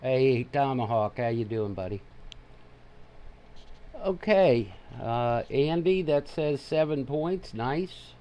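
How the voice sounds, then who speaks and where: Slow-talking man with an Ohio accent. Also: mid-range voice, lively intonation, warm tone. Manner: easygoing, joking, fiddly with mic levels. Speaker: trading webinar host. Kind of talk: casual live webinar talk. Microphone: desk microphone he adjusts.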